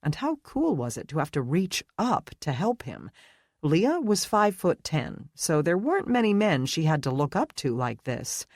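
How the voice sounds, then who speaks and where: An audiobook narrator reads with a measured, expressive delivery. The recording is dry and intimate, with no room sound. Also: medium pitch, no room sound. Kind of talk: scripted narration.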